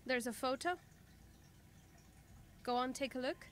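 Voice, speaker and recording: A woman's voice: high voice, a little slow, a bit bright. An actress voicing a dry, teasing older female former newspaper writer in a mystery game. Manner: dry, teasing, then urgent.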